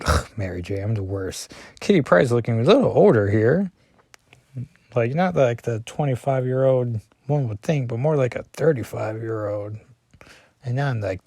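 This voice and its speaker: A man's voice: lowish voice, darkish tone, no echo, studio quality. A man casually reading through a comic issue as a reviewer, rambling with chatty asides and self-deprecating remarks.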